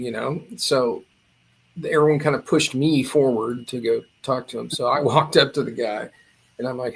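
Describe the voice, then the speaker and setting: A gravelly, husky-voiced man in his fifties, from Indiana, recounting a tale as a guest. He talks in a loose, rambling way, full of fillers and restarts. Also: medium pitch, moderate pace. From Indiana, USA. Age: 50s. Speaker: guest, drummer. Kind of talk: casual storytelling.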